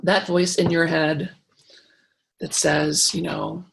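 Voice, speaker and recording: A middle-aged woman leads a creativity workshop in a chatty, encouraging way. Her voice sits a little low and has a gravelly edge. She often restarts her sentences. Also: level tone, takes it slowly, long pauses. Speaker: creativity teacher. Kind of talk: live online workshop talk.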